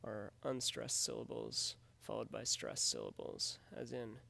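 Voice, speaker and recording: Man, teacher, gravelly voice, methodical, explaining poetry. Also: mid-range voice, very animated, unhurried, pushed and bright. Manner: methodical, explanatory, often says "in fact". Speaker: literature teacher. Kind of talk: recorded lecture on poetry.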